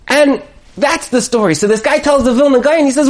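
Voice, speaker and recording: A man giving a storytelling sermon as a religious teacher, animated and chuckling as he talks. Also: very high voice, a little fast. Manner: animated storyteller who chuckles while talking.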